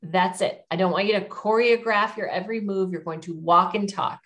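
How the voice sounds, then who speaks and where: A woman's voice: medium pitch, fairly even intonation, normal speed, fairly bright tone. A middle-aged woman giving public speaking advice as an interview guest, in an encouraging, emphatic coaching tone.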